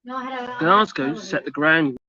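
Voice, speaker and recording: A man's voice: fairly high pitch, very animated, slow, a crowd in the background. A man co-hosting a live stream, easygoing and self-mocking in casual banter. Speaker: livestream co-host. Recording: slightly dull lo-fi stream audio.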